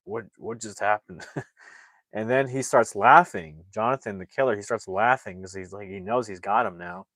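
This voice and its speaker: A man's voice: on the low side, normal speed, a bit bright, no room sound. A man casually recapping a film's plot as a reviewer, rambling with many fillers and self-corrections. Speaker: movie reviewer.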